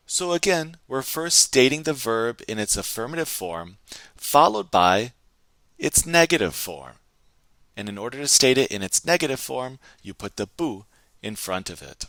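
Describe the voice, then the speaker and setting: A man teaching a recorded language lesson, slowly and clearly modeling phrases and repeating them for students to practice. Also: medium pitch, very animated, fairly bright tone, no room sound.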